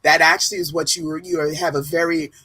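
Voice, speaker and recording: Husky-voiced New Jersey woman, dry sound. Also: sits low, fast talker, no room sound, rough recording. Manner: animated storyteller, laughs often. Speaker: guest author and teacher. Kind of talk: casual live-stream chat.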